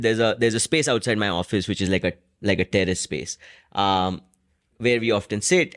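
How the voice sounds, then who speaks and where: A man's voice: medium pitch, fairly bright tone. A man hosting a solo podcast, talking through his thoughts in a reflective, rambling way, often restarting sentences and tagging them with "right?". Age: adult with a wife and a job in an office. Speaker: podcast host.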